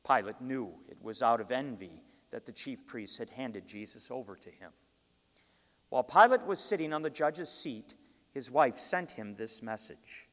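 A man's voice: medium pitch, expressive, measured pace, fairly bright tone. Man reading scripture in a reverberant hall. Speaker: scripture reader. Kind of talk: Bible reading.

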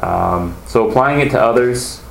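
A man's voice: medium pitch, normal speed, vocal fry. A man teaching a conversational Bible lesson, earnest as he explains and questions the class. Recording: echoey room, faint background noise.

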